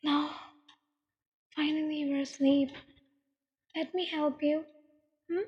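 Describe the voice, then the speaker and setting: A woman's voice: high voice, flat delivery, darkish tone. Woman voicing Ellie, a mocking killer. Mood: menacing. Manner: mocking, slow and menacing. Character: cold teasing young female killer. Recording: dull, long echoing reverb.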